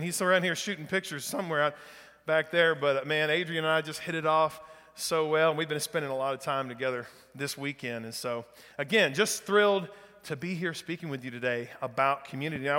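A folksy guest pastor from northeast Louisiana, with a high, bright voice, delivers a humorous sermon in a church sanctuary. He's casual and enthusiastic, and the big hall echoes around him.

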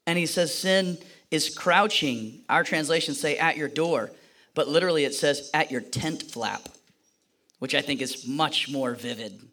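A man's voice: on the high side, measured pace, pushed and bright. A man preaching a sermon, telling a personal story and acting out the voices in it with a playful manner. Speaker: pastor.

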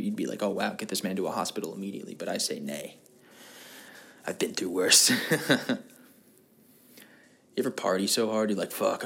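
A young man talking straight to his audience in a loose, wandering monologue. He swears constantly, cracks crude jokes and drifts from one tangent to the next. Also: fairly low pitch. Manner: crude, profane and jokey, wandering off topic. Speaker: vlog host. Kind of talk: rambling casual monologue.

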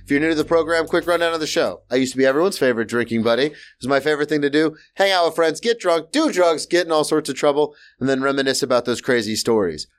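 A man in his thirties hosting a podcast in casual chat, animated and quick to shout when hyping a guest. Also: fairly high pitch. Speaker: podcast host.

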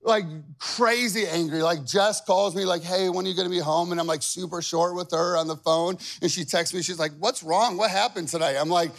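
A man's voice: high voice, fairly even intonation, brisk, vocal fry, few pauses, fairly bright tone. A man in his forties preaching a sermon in a chatty, self-deprecating way, often asking the crowd questions. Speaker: pastor. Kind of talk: sermon with personal stories.

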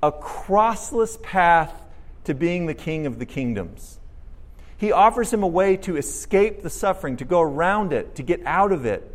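This preacher's voice is a little high and his pace moderate. Animated in the pulpit, the pastor puts questions to the audience and performs the quotations he cites.

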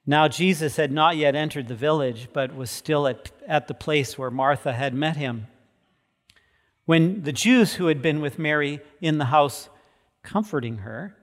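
A fairly high-voiced man preaches with earnest emphasis, circling back to repeat his key words. His voice rings out in a long hall reverb. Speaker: pastor. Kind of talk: sermon.

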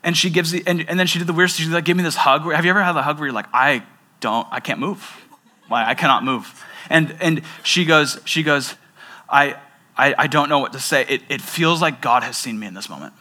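Bright-voiced young male pastor preaching. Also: a little high, a little fast. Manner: animated storytelling, many restarts. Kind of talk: sermon with personal story.

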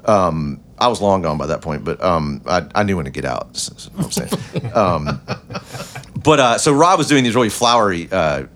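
A man's voice: low voice, big pitch swings, moderate pace, a bit bright. A man chatting casually about an old guitar shop, wry and laid-back. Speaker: former guitar shop worker. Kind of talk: casual chat.

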